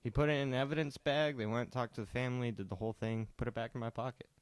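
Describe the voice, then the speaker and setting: A young man co-hosting a podcast, telling a story casually and profanely, quoting people in a lowered voice. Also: steady tone, racing, clean tone, no room sound. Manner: profane, laid-back, quotes people in a lowered voice. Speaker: podcast co-host.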